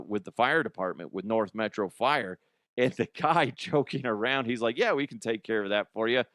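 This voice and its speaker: A man's voice: on the low side, fairly bright tone, clean tone, no echo, clean studio sound. A middle-aged man hosting a comedic news show, rambling, laughing often and making crude jokes. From Colorado, US. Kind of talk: casual comedic news commentary. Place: studio.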